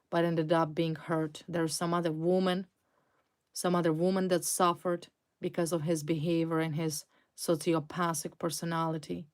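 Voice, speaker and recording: Woman tarot reader, slow, fairly low voice, intense, repeats words. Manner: intense, repetitive, dramatic emphasis. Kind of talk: tarot reading to viewers.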